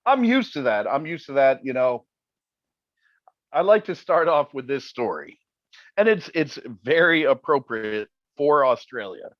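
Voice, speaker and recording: A man guesting on a podcast interview, telling stories in an animated, jokey way. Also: mid-range voice, measured pace, dry recording, highs cut off. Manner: animated, jokey storyteller who acts out quotes. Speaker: interview guest, paranormal TV personality. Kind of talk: casual interview storytelling.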